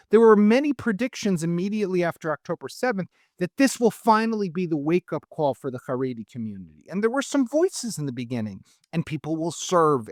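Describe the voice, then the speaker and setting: Worked-up middle-aged man, fairly high voice. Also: no room sound, clean studio sound. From Israel. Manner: worked up, emphatic, with many restarts. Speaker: guest. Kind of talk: heated political discussion.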